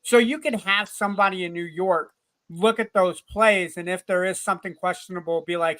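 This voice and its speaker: A man hosting a casual sports podcast, animated and quick to swear, often talking over his co-hosts. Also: sits high. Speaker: podcast host.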